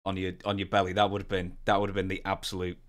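A man's voice: low-pitched, monotone, fast, a bit bright. A man hosting a casual interview, asking joking questions and laughing often. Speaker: interview host.

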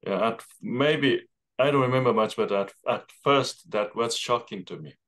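A man co-hosting a conversation who talks slowly and hesitantly, reflecting aloud and adding frequent yeahs. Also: mid-range voice, a bit bright. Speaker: show co-host. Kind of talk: conversational interview.

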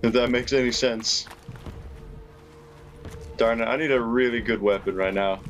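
Man doing let's play commentary, excitable, chatty, faint music underneath. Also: mid-range voice, normal speed. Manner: excitable, laughs often, chatty. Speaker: gaming YouTuber.

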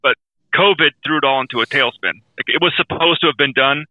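A man's voice: on the high side, quick pace, dry recording, muffled recording. A man co-hosting a podcast in casual chat, talking candidly and rambling with self-aware asides. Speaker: podcast co-host.

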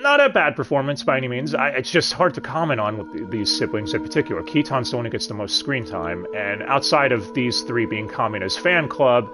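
Lively man hosting a casual review. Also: mid-range voice, fairly quick, hardly any pauses. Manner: chatty, with joking asides. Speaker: host. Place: home streaming setup. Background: background music.

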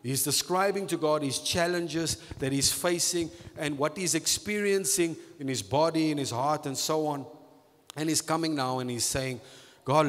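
Man preaching slow, kinda high voice, words stretched out, long echo from the hall. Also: fairly bright tone. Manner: repeats phrases, stretches key words slowly for emphasis. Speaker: pastor. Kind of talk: sermon.

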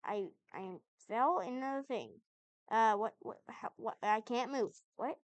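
Woman, high voice, chatty gamer commentary, bemused back-talk, dead-dry sound. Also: a little slow, no echo. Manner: chatty, puzzled, talks back to the game. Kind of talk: let's-play commentary.

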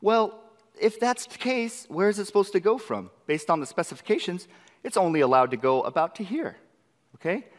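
A man presenting a live software demo class at a conference, excitable and eager, constantly tossing rhetorical questions at the audience. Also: high voice, moderate pace. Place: large conference session room. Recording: long reverb of a conference hall.

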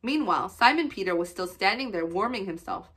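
A woman's voice: medium pitch, fairly quick, breathy edge. Woman reading scripture aloud steadily. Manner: steady, plain read-aloud narration. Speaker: Bible reader for children.

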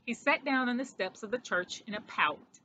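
A woman reading a storybook aloud to children, expressive, with small slips. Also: fairly high pitch, moderate pace, slight background noise. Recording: dull lo-fi recording.

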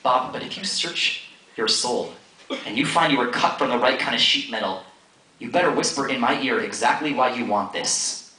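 A man's voice: medium pitch, lively intonation, moderate pace, pushed and bright. A man performing spoken word poetry on a college stage in a rhythmic, theatrical, teasing way. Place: college stage before an audience. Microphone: audience camera from far off. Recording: distant, echoey hall with audience noise.

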